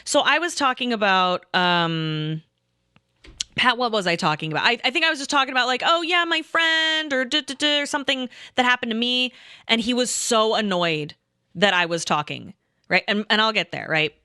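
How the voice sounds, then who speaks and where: Chatty woman telling a story, bright voice. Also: mid-range voice, moderate pace, clean tone, no echo, studio quality. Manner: rambling, animated, swears often, acts out quotes. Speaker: storyteller recounting a game night. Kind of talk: casual storytime chat.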